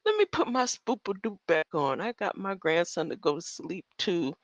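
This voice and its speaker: A woman's voice: lowish voice, very animated, moderate pace, dry recording, lo-fi sound. An older woman thinking aloud as she reads from her screen, rambling with muttered asides and sudden exclamations. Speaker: solo streamer.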